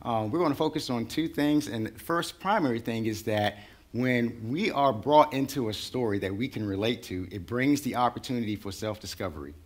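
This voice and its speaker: A man's voice: mid-range voice, normal speed. A man preaching a sermon in a conversational way, building to rising intensity. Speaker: pastor.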